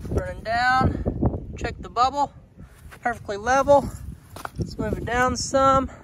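High-voiced man on a farm. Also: noisy background. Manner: affectionate baby talk to animals, then practical narration. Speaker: homesteading vlogger. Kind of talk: casual vlog talk to animals and camera. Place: outdoors on a rural farm.

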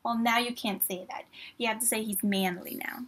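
Gushing excitable woman vlogger. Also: on the high side, moderate pace. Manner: gushing, excitable fan talk; reads printed lines aloud, drops into soft near-whispers. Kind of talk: casual unboxing chat.

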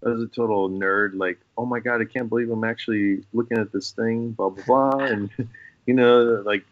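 A man's voice: lowish voice, moderate pace, dry recording. A man who is a guest on a podcast about special effects makeup, chatting casually and telling stories with quoted dialogue. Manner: animated storyteller acting out quoted dialogue. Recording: dull dry lo-fi sound.

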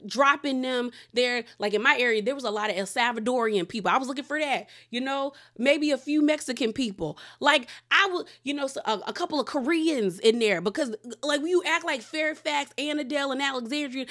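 A woman from the Washington DC area giving a chatty, opinionated recap of a reality show, her pitch jumping up when she gets excited. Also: brisk, few pauses. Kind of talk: casual recap commentary.

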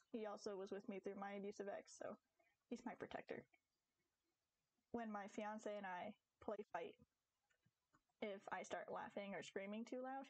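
A woman's voice: mid-range voice, dry recording, rough recording. A young woman streaming a game, chatting casually with viewers, rambling into giggly stories.

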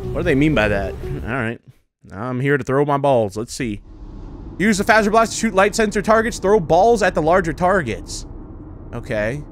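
A man playing a VR game and giving casual, excitable, self-mocking commentary. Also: fairly high pitch, moderate pace. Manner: excitable, self-mocking, frequent laughs and exclamations. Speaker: gaming YouTuber. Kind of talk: casual let's-play commentary. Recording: commentary over loud game music.

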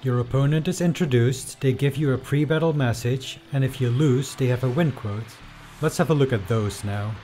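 A man's voice: mid-range voice, moderate pace, dark tone, faint music behind. Wry male video essay narrator. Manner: wry, chatty commentary.

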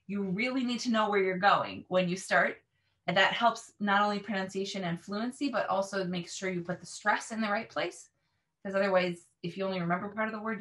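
Casting: earnest woman teacher, emphatic explainer, mid-pitched. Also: sharp tone. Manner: earnest, emphatic, models repeated words. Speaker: language teacher.

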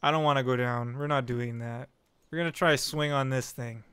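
A man's voice: medium pitch, brisk, clean tone, no room sound. A young man commentating his own climbing game on stream, talking to his chat and yelping when he falls. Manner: excitable, talks to chat, yelps when falling. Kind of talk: gameplay commentary.

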